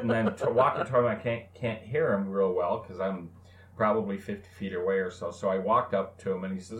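A man in his forties co-hosts a casual chat show. His voice sits low, and his story wanders along with plenty of "uh" fillers. The room around him is echoey. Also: steady tone, fairly bright tone. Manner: rambling anecdote with many "uh" pauses. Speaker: co-host.

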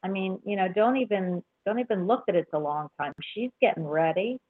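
A woman's voice: medium pitch, a little fast. Gushing woman host on a phone line. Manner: gushing, effusive, laughs often. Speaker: radio show host. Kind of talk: casual call-in chat. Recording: tinny phone-line sound.

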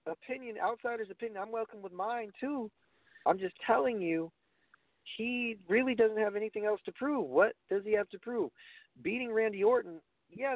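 He's a wrestling podcast co-host with a high voice and vocal fry, heard on a dry, phone-like recording without room sound. His casual commentary is blunt, full of swearing and frequent restarts.

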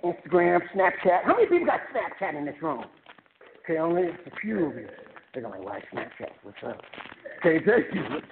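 A man giving an animated motivational talk to a university class, joking with the audience and taking questions in a lecture room. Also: high voice, fairly quick. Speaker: guest speaker. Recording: tinny phone-like recording with noise.

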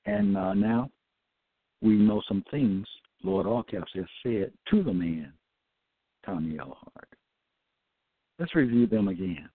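A man giving a halting religious teaching, full of fillers and restarts, who slows down and stresses each word when he quotes scripture. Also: on the low side, big pitch swings, gravelly, husky, no echo. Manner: emphatic, drawn-out scripture quoting. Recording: tinny phone-line audio, dry.

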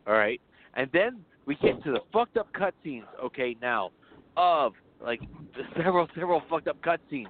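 Male co-host, rambling profane recap voice, fairly high pitched, thin phone-quality recording. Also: very animated, moderate pace. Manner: profane, rambling, laughs often. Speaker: podcast co-host. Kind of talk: casual film discussion. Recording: phone-like, narrow sound.

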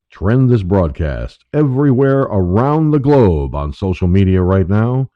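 Deep-voiced man ranting on talk radio. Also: very animated, unhurried, hardly any pauses, dry recording. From New York State, USA. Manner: profane, ranting, emphatic. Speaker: internet radio show host. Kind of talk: political talk radio monologue. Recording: dull lo-fi dry audio.

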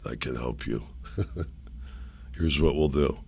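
Guy doing a low hushed godfather type voice, gravelly, scheming. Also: slow pace, no echo, heavily acted. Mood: conspiratorial. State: sick. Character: impression of a scheming older man, like a mob boss.

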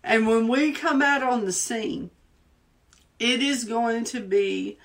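Slow tearful Southern woman praying. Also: a little high. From Southern United States. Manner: fervent, emphatic, repeats phrases for emphasis. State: tearful, holding back tears. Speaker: preacher. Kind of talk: live prayer and prophetic exhortation.

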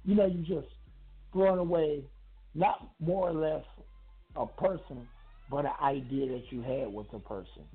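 A man's voice: fairly high pitch, normal speed, soft background music. A man calling in to a talk show, chatting casually in a laid-back, slangy way and laughing often. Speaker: caller. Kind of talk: casual call-in chat. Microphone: phone. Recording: gravelly voice over phone line.

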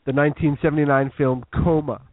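A man co-hosting a podcast in casual chat, firing off quick quips and short replies. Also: a little high, fairly even intonation, crowd noise. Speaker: podcast co-host. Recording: phone-like sound.

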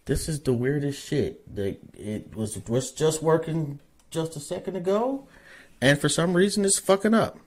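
A man's voice: fairly high pitch, moderate pace. Casual cursing guy hosting a streamed podcast, loose and chatty. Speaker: podcast host. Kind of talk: casual interview chat.

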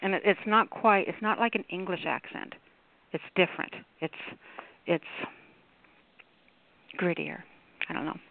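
A woman's voice: on the low side, a little slow, gravelly, pauses often. A woman hosting a call-in poetry radio show, chatting casually and rambling with lots of fillers. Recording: tinny phone-line audio.

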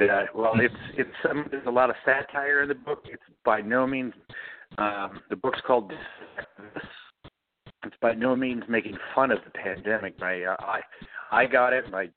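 A middle-aged man, a guest author, answering interview questions with lively storytelling and acting out the voices he quotes. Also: lowish voice. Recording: dry, tinny phone line.

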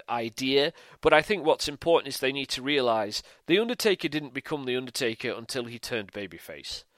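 A man's voice: medium pitch, a bit bright, dry recording. A man hosting a solo podcast, talking animatedly with rhetorical questions and frequent ums and restarts. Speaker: show host.

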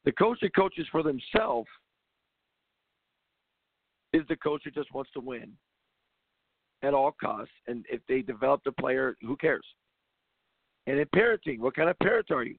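A man's voice: medium pitch, very animated, a little slow, creaky, pauses often, dry recording. A man who coaches basketball and hosts a show, talking through his views in a rambling, emphatic way with frequent restarts. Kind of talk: casual monologue. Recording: tinny phone-like line, dry.

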